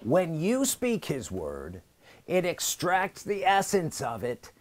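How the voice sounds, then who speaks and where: A man preaching a sermon, emphatic and deliberate, repeating key phrases and asking listeners to say them back. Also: fairly high pitch, huge pitch swings. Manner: emphatic, slow and deliberate with pauses between words.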